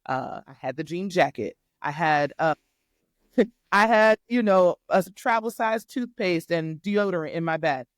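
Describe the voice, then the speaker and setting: A woman guest on a podcast, a life coach, telling a faith testimony in an animated, emphatic way and acting out the dialogue. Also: lowish voice, measured pace, dry recording, clean studio sound. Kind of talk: faith testimony storytelling in casual chat.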